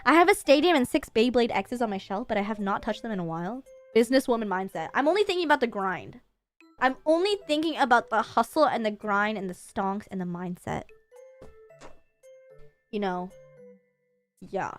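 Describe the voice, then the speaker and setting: A woman from Canada with a Canadian English accent, hosting a casual livestream chat in a playful, chatty way with quick laughs. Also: a little high, animated, soft background music. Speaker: livestream host.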